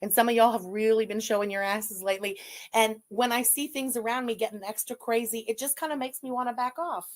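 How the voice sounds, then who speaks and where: A woman livestreamer on an angry, profane rant, shouting insults at her audience. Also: fairly high pitch, steady tone, a little fast.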